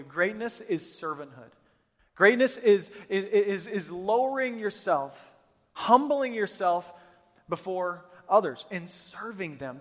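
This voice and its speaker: A middle-aged man preaching a sermon, telling stories in an emphatic, earnest way. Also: sits high. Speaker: pastor. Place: church auditorium with hundreds present. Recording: long reverb of a large church hall.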